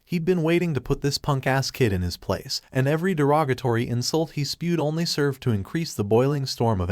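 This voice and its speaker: Brief: male storyteller, steady scripted read, mid pitch, dry close recording. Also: dry recording. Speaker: narrator. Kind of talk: scripted narration of fan fiction.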